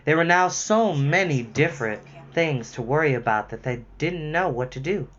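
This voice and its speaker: A man reading a children's novel aloud as storyteller, with lively expression. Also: a little high, normal speed. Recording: slightly muffled lo-fi recording.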